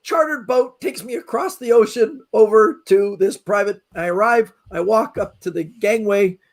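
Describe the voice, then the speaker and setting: A middle-aged man, a magician guest on a podcast, telling a travel story in a lively way and acting out the people in it. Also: sits high, normal speed. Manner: lively anecdotal telling with acted-out quotes. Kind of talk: animated storytelling.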